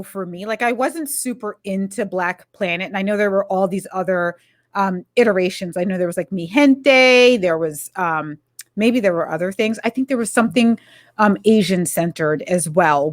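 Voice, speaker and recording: A woman's voice: medium pitch, no echo, studio quality. Candid rambling woman podcast co-host. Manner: rambling, self-correcting and candid. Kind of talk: casual chat.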